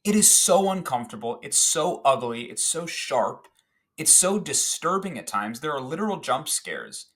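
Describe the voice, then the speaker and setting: Animated rambling man on a podcast. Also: mid-range voice, moderate pace. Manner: animated, rambling with fillers and restarts. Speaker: podcast guest. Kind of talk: casual chat recounting a favorite film scene.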